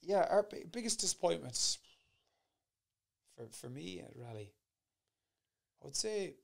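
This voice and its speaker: A man's voice: a little high, sing-song, vocal fry. A man co-hosting a casual rally chat, telling self-deprecating stories from his own driving days. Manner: anecdotal, self-deprecating, quick to laugh. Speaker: podcast co-host and former rally driver.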